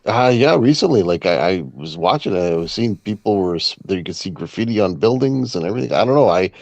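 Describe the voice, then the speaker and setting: A man from Canada co-hosting a podcast, talking haltingly in casual chat with many fillers and chuckles. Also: low-pitched, lively intonation, vocal fry, a little mellow, dry recording. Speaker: podcast co-host. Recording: dull lo-fi sound.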